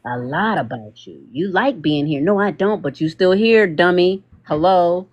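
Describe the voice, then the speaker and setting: A man's voice: high voice, expressive, highs cut off. A man, hosting a podcast panel in loose, joking livestream banter. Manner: loose, joking, slangy, quick laughs.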